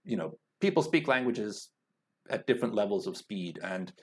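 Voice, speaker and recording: A man explaining an exam-prep speaking lesson at a slow, careful pace, pausing with fillers as he works through his points. His voice sits a little low. He sounds like an experienced teacher talking straight to the learner. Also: sing-song, darkish tone. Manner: slow and deliberate, thinking aloud with fillers. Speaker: IELTS teacher.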